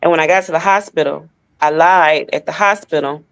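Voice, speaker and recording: A woman's voice: low voice, a little fast. A woman co-hosting a podcast, telling a painful personal story with emotion and speaking straight to her listeners. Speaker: podcast co-host.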